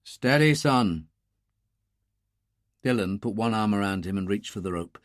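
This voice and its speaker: An audiobook narrator reading a thriller in a steady, measured narrating voice. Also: low voice, no echo, studio quality.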